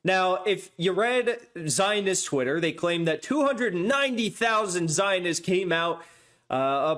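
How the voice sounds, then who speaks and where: A man's voice: high voice, fairly bright tone. A man hosting a podcast, talking in a loose, rambling way with many asides and restarts. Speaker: podcast host. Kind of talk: casual rambling monologue.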